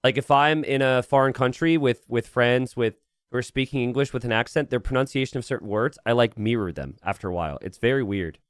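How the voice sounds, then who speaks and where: A man's voice: mid-range voice, brisk, clean tone, no echo, studio quality. A man casting a strategy game live, chatting casually and rambling as he reads and answers his chat. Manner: chatty and rambling, thinks aloud and talks to chat. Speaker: game caster and streamer. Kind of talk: casual live-stream commentary.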